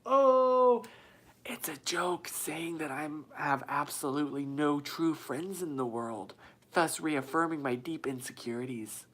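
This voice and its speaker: A man's voice: fairly high pitch, expressive, a little slow, fairly bright tone. A man hosting a casual live stream from a small white-walled room, chatty and self-mocking, reading viewer comments aloud into a phone.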